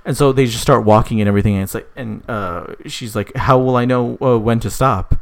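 A man casually telling a made-up story, rambling with many fillers, swearing, and voicing the characters' lines in a higher pitch. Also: fairly quick, vocal fry.

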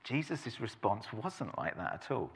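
A man's voice: on the low side, a little slow, background noise. A middle-aged man, preaching a sermon as a pastor, telling stories with playful asides. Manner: animated storytelling with playful asides. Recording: long reverb of a church hall.

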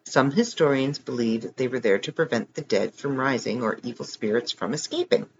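A man's voice: mid-range voice, fairly quick, lo-fi sound, slight background noise. A man casually reading articles aloud, adding joking comments between passages. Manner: joking, reads text then adds wry comments. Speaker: reader of online articles.

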